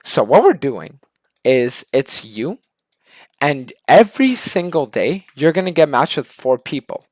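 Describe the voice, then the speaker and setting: A man's voice: a little high, sing-song, unhurried, dry recording. A man voicing a pushy, upbeat school official who insists a terrible plan is fun. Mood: pushy cheerful.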